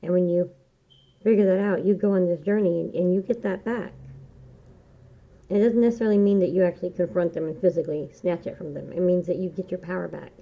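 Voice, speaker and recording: A woman giving a casual, rambling tarot reading, chatty and quick to laugh. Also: fairly low pitch, steady tone, narrow, tinny audio. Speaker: tarot reader.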